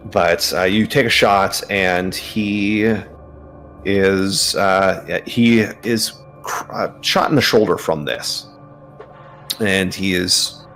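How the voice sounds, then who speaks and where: A man narrating a tabletop game as game master, relaxed and hesitant, with many fillers. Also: deep voice.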